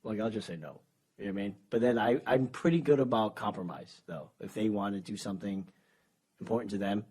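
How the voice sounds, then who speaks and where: A man's voice: on the low side, a little fast, darkish tone, husky. A man in his forties, a stand-up comedian and podcast guest, talking in a frank, rambling, self-deprecating way. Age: 40s. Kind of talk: casual chat.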